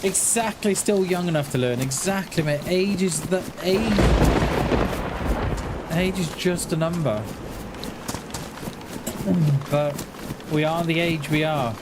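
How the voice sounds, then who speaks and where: A man in his forties chatting casually on a gaming livestream, rambling and halting, often restarting his words and answering his viewers in a friendly way. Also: a little high. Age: 40s. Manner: talks back to chat in a friendly, reassuring way. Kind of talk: casual livestream chat while playing. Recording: noisy home stream recording.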